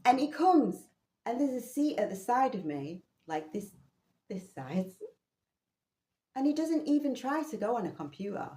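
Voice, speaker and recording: A woman vlogging a personal story, animated and swearing casually. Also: a little high, moderate pace, roomy sound.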